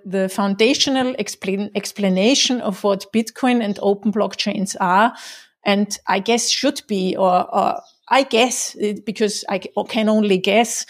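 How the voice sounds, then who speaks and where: A woman whose first language is German, hosting an interview in English and speaking hesitantly with restarts. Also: medium pitch. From German-speaking country. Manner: hesitant, restarts, laughs often. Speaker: host. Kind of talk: casual interview.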